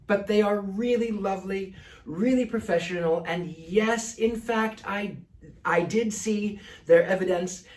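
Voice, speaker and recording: A man's voice: high voice, unhurried, echoey room, far from the mic. Theatrical man with a Mid-Atlantic accent. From United States. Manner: theatrical, precise diction. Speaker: psychic answering viewer questions. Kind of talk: casual Q&A monologue.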